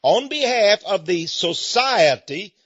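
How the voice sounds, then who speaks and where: A man's voice: sits high, big pitch swings, slow pace, fairly bright tone, slightly rough, no echo. A man giving an emphatic, preaching-style monologue, stretching out key words, repeating himself and chuckling now and then. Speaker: speaker addressing listeners. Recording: dull lo-fi recording.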